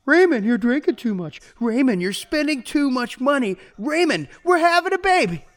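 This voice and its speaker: A man's voice: very high voice, very animated, moderate pace, dry recording. A man playing a volatile, regretful prisoner. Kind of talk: audio drama with first-person narration.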